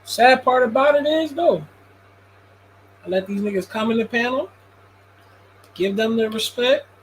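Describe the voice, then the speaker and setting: A man's voice: extremely high pitch, a little slow, slight background noise, rough recording. A man hosting a casual livestream sports talk show, laid-back, profane and dismissive. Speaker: host.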